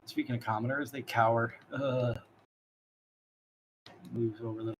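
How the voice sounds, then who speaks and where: A man's voice: medium pitch, steady tone, normal speed, a little hiss or hum. A man narrating a tabletop game as dungeon master, rambling with laughing asides.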